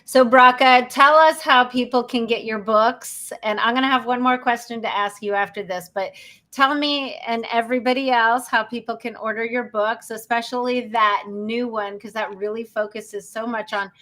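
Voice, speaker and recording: A woman's voice: a little high, fairly even intonation, moderate pace, sharp tone. A woman hosting a podcast, speaking in an emphatic, motivational coaching manner. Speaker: podcast host. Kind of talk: podcast interview.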